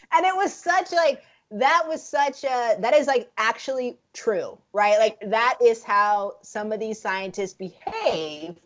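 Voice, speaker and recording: A woman co-hosting a casual film review chat, frank and profane, speaking in an animated way. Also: fairly high pitch, takes it slowly. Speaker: podcast co-host.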